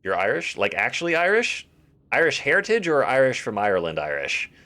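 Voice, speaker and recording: A man's voice: mid-range voice, wildly swooping pitch, fairly quick, pushed and bright. A young man streaming a game live, rambling and joking to himself and to his chat. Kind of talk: casual live-stream commentary.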